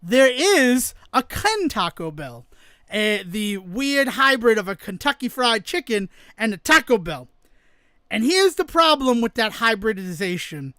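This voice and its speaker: A man co-hosting a podcast, telling a long story in a casual, animated way and acting out the lines of the people in it. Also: high-pitched, a little slow, no room sound. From New England, United States. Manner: animated storyteller, acts out quoted dialogue. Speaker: podcast co-host.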